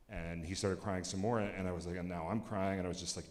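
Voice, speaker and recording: A man in his forties tells a candid personal story on stage, halting and often dropping quiet. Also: sits low, steady tone. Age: 40s. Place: cultural center hall. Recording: echoey hall with long reverb.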